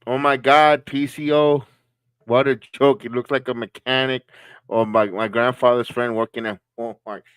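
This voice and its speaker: Co-hosting a live watch-along stream, this man chats easily, reacting to the matches with laughs and jokes. He has a clear, resonant mid-range voice with fairly even intonation and a moderate pace, and there's no echo.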